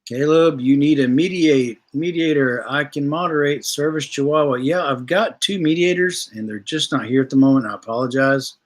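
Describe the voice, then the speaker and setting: On a casual livestream, a man with a mid-range, somewhat bright voice reads viewer comments aloud and rants about them bluntly, with plenty of profanity.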